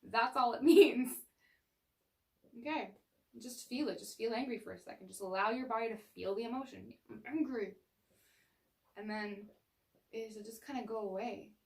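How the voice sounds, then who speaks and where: A woman's voice: on the high side, normal speed, creaky. Woman, tarot reader, casual frank chat, laughs often, voice a little distant from the mic. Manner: chatty, frank, laughs often, acts out quoted thoughts. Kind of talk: casual spoken tarot reading.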